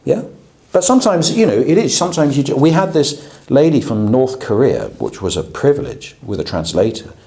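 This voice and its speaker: A man's voice: mid-range voice, sing-song, brisk, gravelly, mellow. A man, a pastor, teaching a class on preaching in a conversational way, often checking in with his listeners. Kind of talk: lecture to a class.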